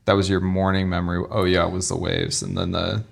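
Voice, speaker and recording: A man's voice: low-pitched, a little fast, gravelly. A young man co-hosting a podcast, casually retelling a travel mishap with lots of quoted back-and-forth. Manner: rambling, animated retelling with quoted dialogue. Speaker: podcast co-host. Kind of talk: casual storytelling chat.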